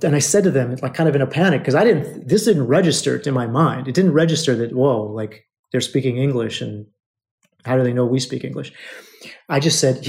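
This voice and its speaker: A man's voice: mid-range voice, animated, moderate pace, gravelly, a little mellow. A man hosting a podcast, telling a personal story to his listeners in an emotional, repetitive way and calling them brothers. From United States. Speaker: podcast host.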